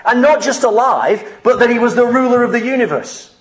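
Male preacher, higher register, pleading sermon delivery, reverberant room. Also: lively intonation, fairly quick. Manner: pleading and earnest, rising to fervent questions. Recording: echoey room.

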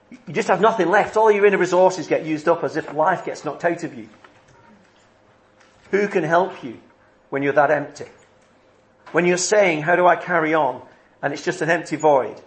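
Earnest man preaching a sermon. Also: fairly high pitch. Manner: earnest, measured, with emphatic repeated phrases.

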